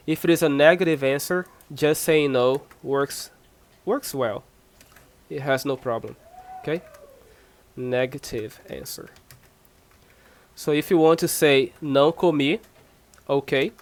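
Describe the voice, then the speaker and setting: This Portuguese teacher, a native Portuguese speaker from Brazil, runs an online lesson in English with a Brazilian accent. Unhurried and pausing often, he uses a mid-range voice with fairly even intonation, patiently repeating himself and supplying examples.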